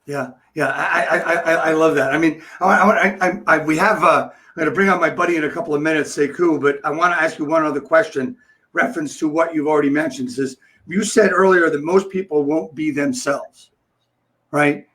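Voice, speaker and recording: High voiced guy hosting, keeps going "i, i, i", eager questions. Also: fairly quick, a bit bright. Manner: stammers and repeats words, eager questioning. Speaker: podcast host. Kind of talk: interview questions, casual chat.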